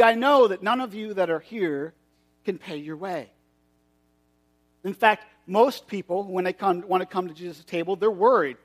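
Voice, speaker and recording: A man preaching a sermon with a high-pitched voice. He retells a story in an easygoing, conversational way and drops in quick asides as he goes. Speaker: pastor.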